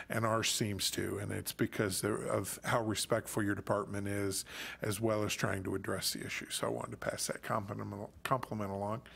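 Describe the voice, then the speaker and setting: A man's voice: fairly low pitch, gravelly, fairly bright tone. A middle-aged man speaking as a council member at a city meeting, folksy and joking as he addresses staff.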